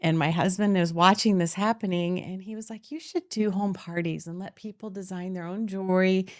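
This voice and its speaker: A woman's voice: medium pitch, steady tone, fairly quick, a little mellow. A woman guest on a talk show with a Midwestern American accent, speaking in a friendly, affirming way. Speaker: guest, jewelry business founder. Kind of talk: interview.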